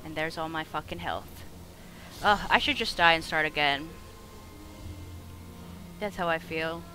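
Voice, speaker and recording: A woman streaming a video game live, swearing a lot and talking to the enemies on screen, going from loud outbursts to quiet mutters. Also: low-pitched, a little slow, slight background noise, rough recording. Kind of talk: live gameplay commentary.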